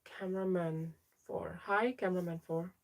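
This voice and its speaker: A young trans woman talks casually on her livestream, reading out viewers' names and replying to each one. Her voice sits on the low side. She sounds close to a home streaming mic. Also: fairly even intonation, normal speed. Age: young adult. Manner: chatty, reads out viewer names and answers them. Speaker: livestream host.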